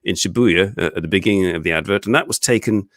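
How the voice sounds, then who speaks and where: A man's voice: low voice, quick pace, fairly bright tone, no echo, clean studio sound. A man with a British English accent hosting a casual live-stream interview from his living room, chatty and rambling and often laughing. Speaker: show host.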